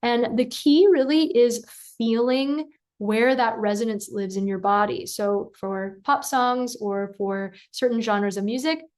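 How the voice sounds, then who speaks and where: In a singing lesson, a woman coach speaks in a higher voice at a slightly slow pace. She stays calm and encouraging, sometimes singing syllables to show how it's done.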